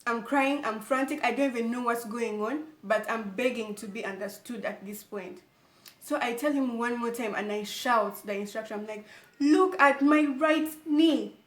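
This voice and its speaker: Lively young woman telling a story. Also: a little high, moderate pace. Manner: animated storytelling, repeatedly addressing viewers as guys. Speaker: vlogger. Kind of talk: storytime vlog. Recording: echoey room.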